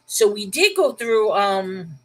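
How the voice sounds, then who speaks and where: A woman's voice: medium pitch, lively intonation, slow, poor audio. A congested woman hosting a Bible reading show, reading scripture and then musing aloud about it in an earnest, questioning way. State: congested, stuffy-nosed. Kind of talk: scripture reading with casual commentary.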